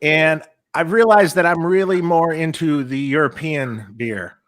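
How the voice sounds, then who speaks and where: A man's voice: on the high side, unhurried, a bit bright. A middle-aged man co-hosting a casual chat, rambling and restarting his sentences often. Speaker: co-host.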